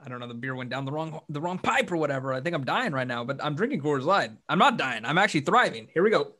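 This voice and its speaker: A man's voice: on the high side, sing-song, quick pace, pushed and bright. A man hosting a casual sports podcast, rambling with frequent restarts and hiccuping. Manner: rambling, restarts often, upbeat. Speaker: podcast host.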